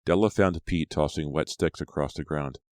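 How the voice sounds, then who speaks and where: Super deep guy reading an audiobook, dry close sound. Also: normal speed, a little mellow, no room sound. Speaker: audiobook narrator. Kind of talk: scripted narration.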